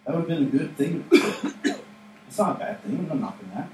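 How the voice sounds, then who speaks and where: A man's voice: fairly high pitch, very animated, normal speed, darkish tone. A man delivers a sermon in a church sanctuary, talking in a loose, conversational way and slipping into voices to act out quotes. He often checks in with "right?" The sound is roomy and echoey, picked up from some distance, with a faint hiss underneath. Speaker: pastor. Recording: echoey room, mic at a distance, faint noise.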